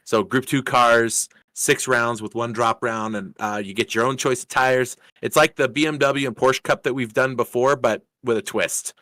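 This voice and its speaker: A man's voice: mid-range voice, steady tone, moderate pace, few pauses, a bit bright, no room sound. A man hosting a racing league live stream in casual chat, rambling with lots of fillers and restarts in an upbeat way.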